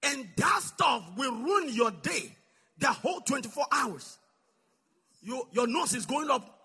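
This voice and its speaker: A male preacher delivering a sermon, calling out to the congregation and swinging from shouting to soft, low asides. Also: very animated, unhurried, husky. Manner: call-and-response, swings from shouting to near-whisper.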